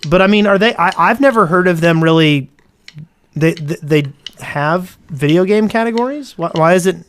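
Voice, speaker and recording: Higher-voiced man reading podcast news. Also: lively intonation, normal speed, a bit bright. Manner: laughs often, stumbles and repeats words. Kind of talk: casual podcast chat.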